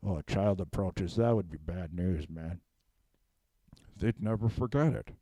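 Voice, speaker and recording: A man's voice: sits low, measured pace, warm tone, no room sound. A man doing a rambling, improvised comic monologue who keeps asking "okay?", speaking into a handheld mic. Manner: rambling, drops "okay?" after nearly every phrase. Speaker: improv comedian. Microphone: handheld microphone.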